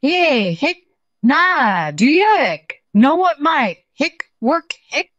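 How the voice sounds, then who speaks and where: A woman voicing a boastful male tiger who hates being tickled, in a raised, lively voice. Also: on the low side, a little slow, dry recording, muffled recording, natural voice. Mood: hiccuping.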